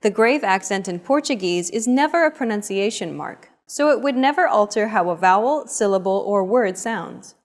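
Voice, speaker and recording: A woman narrating a scripted language lesson in a clear, explanatory way. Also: medium pitch, animated, moderate pace, hardly any pauses. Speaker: language teacher.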